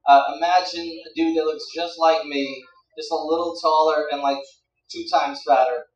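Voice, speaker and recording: Rambling young comedian in a roomy club. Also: male voice, fairly high pitch, steady tone, moderate pace, lo-fi sound. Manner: rambling, crowd-teasing. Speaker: stand-up comedian. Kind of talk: stand-up comedy. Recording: roomy club sound from a distance.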